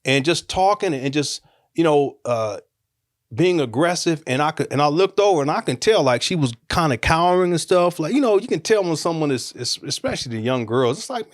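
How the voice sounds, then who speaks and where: A man's voice: a little high, animated, a little fast. A man in his forties telling a personal story in a casual, rambling, joking way, often restarting his sentences.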